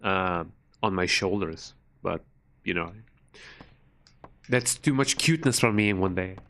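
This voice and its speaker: Low-voiced man rambling over his game. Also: expressive, unhurried, a bit bright. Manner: rambling and jokey, trails off with "you know". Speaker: game streamer. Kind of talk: casual live-stream commentary.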